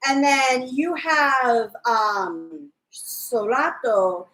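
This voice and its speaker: Slow-talking woman in an echoey room. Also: high-pitched, expressive, a bit bright. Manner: chatty, recaps scenes with quoted lines. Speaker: podcast co-host. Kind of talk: casual fan discussion livestream.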